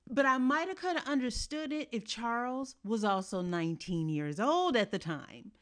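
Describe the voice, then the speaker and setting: A woman co-hosting a casual TV recap chat, blunt, profane and animated. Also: a little high, normal speed. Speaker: podcast co-host. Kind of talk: casual chat about a TV series.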